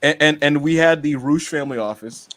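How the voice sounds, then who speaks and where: A man's voice: fairly high pitch, a little fast, fairly bright tone, slight background noise. Man, podcast host, loose rambling recap voice with fillers and casual swearing. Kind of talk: casual wrestling podcast chat.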